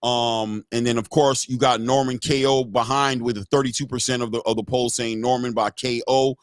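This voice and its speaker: A man's voice: mid-range voice, flat delivery, moderate pace, no room sound, clean studio sound. A man hosting a live boxing stream, giving casual, slangy fight commentary and talking straight to his viewers.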